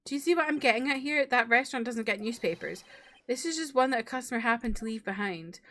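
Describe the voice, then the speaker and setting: A woman's voice: a little high, expressive, fast, a bit bright. A woman voicing a young male defense attorney, pressing a witness with pointed questions.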